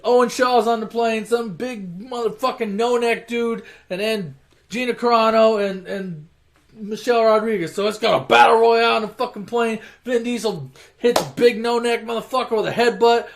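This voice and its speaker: A man's voice: high-pitched, vocal fry, fairly bright tone. A young man casually retelling an action movie plot in a rambling, profane way, mocking the characters as he goes. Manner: rambling, swears constantly, mocking voices for characters. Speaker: storyteller retelling movie plots.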